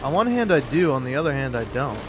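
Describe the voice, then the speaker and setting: A man's voice: medium pitch, big pitch swings, fast talker, over music. A man giving casual, rambling gameplay commentary, full of fillers and restarts. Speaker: gaming video creator.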